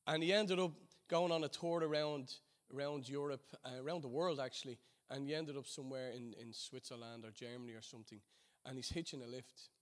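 A man with a lilt preaches and prays to his church, his fairly high voice dropping low and soft in prayer and climbing loud in excited asides. He tells his story loosely, with plenty of ums and restarts. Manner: storytelling with fillers and restarts, swings between hushed and loud. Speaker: church leader. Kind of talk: sermon and prayer.

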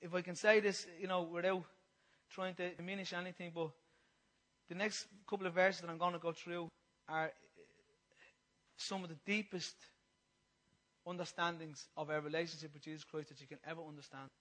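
Man, passionate preacher with a bright, ringing voice and lots of repetition. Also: fairly high pitch, level tone, normal speed, pauses often, rough recording. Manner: impassioned, repetitive, swings from loud to hushed. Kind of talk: sermon.

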